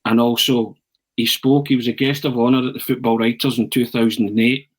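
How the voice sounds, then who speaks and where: A man tells a long story in a casual podcast chat. His pitch sits in the middle for a man, and he talks with lively energy, stumbling and restarting as he goes. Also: fairly quick, low-quality recording. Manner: animated storyteller, frequent restarts and "eh". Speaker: podcast pundit. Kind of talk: casual anecdote telling.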